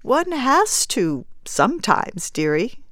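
A woman reading aloud, voicing a gentle, sympathetic elderly woman who speaks softly and kindly. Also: on the high side, big pitch swings, takes it slowly, dry recording, studio quality, voice pushed up, heavily acted. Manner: soft, kindly, calls others dearie. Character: kindly gray-haired older woman, calm and sympathetic.

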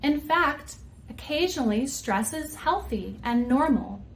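A woman co-hosting a scripted grammar lesson, speaking clearly and deliberately. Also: high voice, animated. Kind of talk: scripted educational dialogue.

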